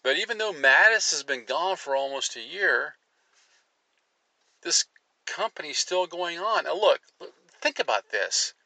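A man's voice: fairly high pitch, animated, a little slow, pushed and bright, dry recording, low-quality recording. A man hosting an opinionated commentary show, reading articles aloud and cutting in with sarcastic asides, his voice jumping up when he gets worked up.

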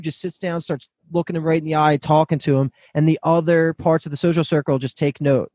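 A man hosts a relaxed podcast, walking through a TV episode scene by scene with little stumbles and restarts. His voice sits a bit on the high side. The sound is dry and close, with no room around it. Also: fairly quick, hardly any pauses, no echo. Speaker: podcast host recapping a TV episode. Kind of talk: casual chat.

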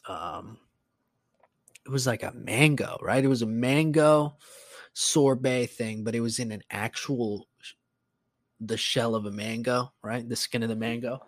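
This podcast host, a teacher, speaks in a mid-range voice at a measured pace over clean, dry studio audio. His casual talk wanders, is full of fillers, and is liberally sprinkled with profanity.

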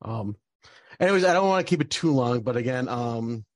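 A man's voice: medium pitch, lively intonation, a little fast, dry recording. A young man telling a personal story in a casual, rambling way, with lots of fillers and bursts of frustration. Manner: rambling, many fillers, gets heated and swears.

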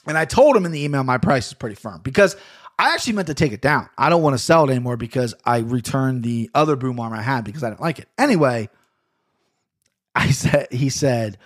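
A man hosting a solo podcast in a loose, rambling way, full of swearing and asides. His voice sits in a middling register. He talks into a studio mic on a boom arm from his home office. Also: expressive, a little fast. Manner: rambling, profane, chatty. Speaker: podcast host. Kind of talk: casual solo podcast monologue.

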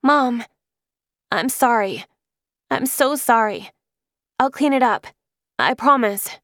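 A woman voicing a brave, frantic young girl who talks high and breathless in an audiobook. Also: takes it slowly, fairly bright tone, dry recording, studio quality. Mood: apologetic.

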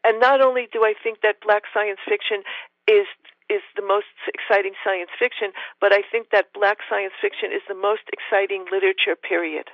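A man in his sixties with a New York accent talks as a guest on a radio show. His voice sits high, and he speaks with enthusiasm, often repeating words as he goes. He comes through a dull, dry phone line. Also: steady tone, fairly quick, dry recording. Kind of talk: casual interview talk.

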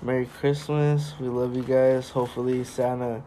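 A young man hosting a casual podcast, loud and crude, joking and swearing with his friends. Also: medium pitch, level tone, normal speed, a little hiss or hum. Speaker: podcast host. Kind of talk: casual chat.

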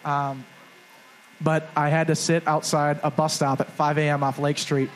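A man's voice: fairly high pitch, flat delivery, normal speed, a little hiss or hum, poor audio. Rambling young man telling a story. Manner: rambling, self-mocking, acts out quotes. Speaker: podcast co-host. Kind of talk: live comedic storytelling. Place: live stage before a crowd.

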